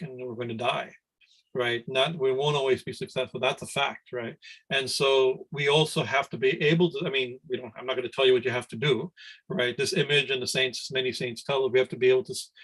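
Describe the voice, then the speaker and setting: A man's voice: mid-range voice, fairly bright tone, rough recording. Conversational man giving a spiritual discourse. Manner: rambling, conversational, frequent "right?" and restarts. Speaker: swami teaching scripture class. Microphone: video call.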